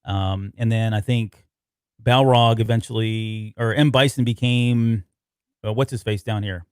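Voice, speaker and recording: A man's voice: lowish voice, fairly even intonation, unhurried, clear, resonant tone, dry recording, studio quality. A man co-hosting a casual podcast, talking loosely and reading notes aloud as he goes. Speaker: podcast co-host.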